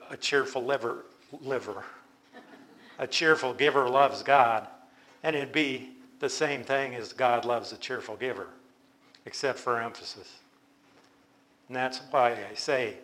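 A man's voice: medium pitch, a bit bright. A man teaching a Bible study, explaining patiently and often restarting his sentences. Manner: explanatory, unhurried, with frequent restarts.

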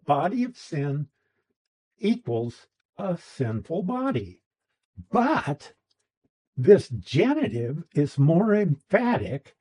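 A man's voice: a little high, warm tone, slightly rough, low-quality recording. A man teaching a Bible class, explaining a verse's grammar patiently with restarts and asides.

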